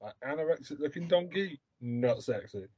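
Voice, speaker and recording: A man's voice: fairly high pitch, animated, normal speed, darkish tone, breathy edge, lo-fi sound. A man hosting a podcast, talking bluntly and provocatively in crude casual chat. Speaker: podcast host.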